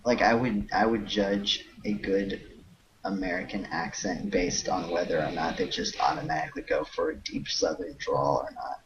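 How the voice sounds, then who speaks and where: A man chatting casually on a livestream in a musing, relaxed way. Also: deep voice, moderate pace, breathy edge, dull audio. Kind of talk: casual chat.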